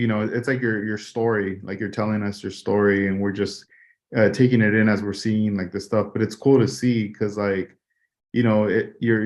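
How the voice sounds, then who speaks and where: A man hosting a casual podcast, relaxed and encouraging, talking with loose fillers like "you know". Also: lowish voice. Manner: laid-back and encouraging, many fillers. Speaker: podcast host.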